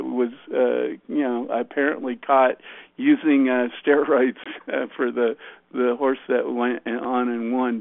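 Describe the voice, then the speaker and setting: A man's voice: mid-range voice, creaky, dry recording. A man hosting a radio show, chatting casually and rambling with plenty of fillers. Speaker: radio host. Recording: tinny phone-like, dry.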